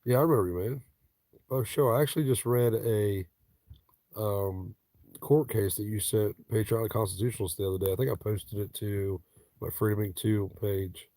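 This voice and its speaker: A man with a low, gravelly voice chats casually with his livestream viewers, blunt and swearing freely. He is from Ohio and jokes around as he talks. The sound is dry and close, with no room echo. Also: fairly even intonation, normal speed, mellow. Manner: profane, blunt, joking. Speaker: livestream host.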